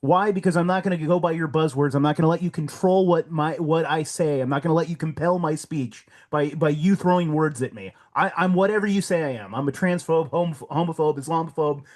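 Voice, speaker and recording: A man's voice: on the high side, fairly quick, hardly any pauses, a little mellow. A man guesting on a podcast, ranting bluntly with heavy profanity and heated emphasis. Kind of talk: casual podcast rant.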